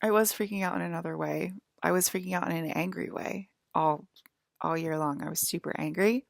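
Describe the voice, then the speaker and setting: Low, gravelly woman ranting. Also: steady tone, brisk, no room sound, clean studio sound. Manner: rambling, agitated and profane, many fillers and restarts. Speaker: vlogger. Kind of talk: rambling monologue to viewers.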